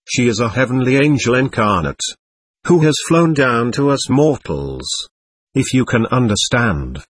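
A man voicing a shabby, bitter middle-aged captain who rambles with ironic self-abasement, husky-voiced. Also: mid-range voice, big pitch swings, measured pace, no echo. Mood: bitter irony.

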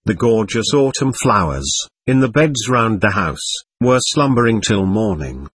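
A man narrating a literary audiobook in an expressive, dramatic reading. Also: fairly low pitch, measured pace, husky, dry recording.

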